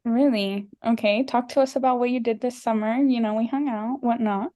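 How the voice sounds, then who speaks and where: A woman's voice: a little high, fairly even intonation, moderate pace, mellow. A young woman hosting a podcast, telling stories in casual chat and laughing often. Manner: chatty storytelling, laughing often. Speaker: podcast host.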